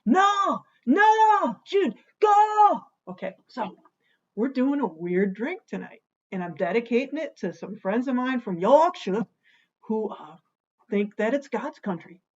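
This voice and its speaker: A woman's voice: medium pitch, animated, normal speed, a little mellow, husky, highs cut off. A woman hosting a casual home cocktail vlog, talking in a playful, jokey way and bantering with herself by name. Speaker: host of a home cocktail show.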